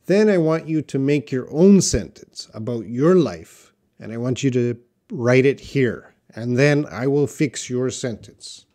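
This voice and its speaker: A man teaching English on a live stream, reading out viewers' questions and explaining words slowly and patiently. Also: medium pitch, warm tone. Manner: slow, patient, drawn-out explanations; reads viewer questions aloud. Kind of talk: live-stream English class answering chat.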